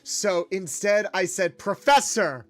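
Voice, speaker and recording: A man's voice: high voice, slow pace. A young man chatting casually with viewers on a livestream, playing up a friendly garage mechanic persona. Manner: chatty, animated, in-character garage mechanic patter. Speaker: VTuber streamer.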